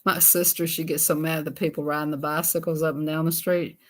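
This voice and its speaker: A woman's voice: deep voice, level tone, fast. A woman hosting a casual live chat, rambling in an easygoing way and chuckling often. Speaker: live stream host.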